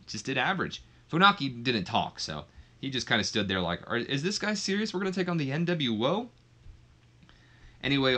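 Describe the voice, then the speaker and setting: A man's voice: mid-range voice, pushed and bright. A man giving casual, offhand commentary on a wrestling simulation game. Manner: chatty, offhand, with fillers and asides. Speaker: let's play commentator.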